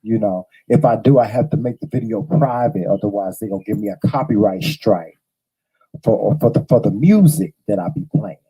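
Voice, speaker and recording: A man's voice: on the low side, expressive, moderate pace, mellow, husky, soft background music, rough recording. A man in his fifties hosting a livestream from home, talking casually with a drawling, chatty manner and greeting viewers by name. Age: 50s. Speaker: livestream host. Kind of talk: casual chat to a live audience.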